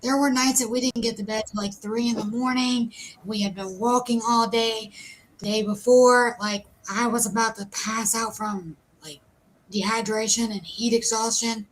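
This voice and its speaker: A woman with a slightly high voice co-hosts a live stream. She tells a self-mocking story in a casual, animated way. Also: moderate pace, slight background noise, rough recording. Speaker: co-host.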